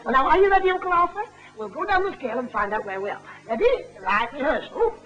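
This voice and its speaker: A high, lively Lancashire man fussing and coaxing his way through a music hall puppet sketch. His voice swoops up and down as he chats away. The sound is dull and faintly hissy, like an old 1950 film soundtrack. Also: fast, some chatter behind. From England. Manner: coaxing, fussy, chatting to a puppet.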